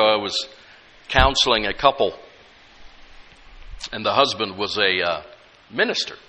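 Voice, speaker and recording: A man's voice: mid-range voice, pushed and bright. A middle-aged male pastor preaching a sermon, emphatic and conversational with humorous asides. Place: church sanctuary. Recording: echoey church hall.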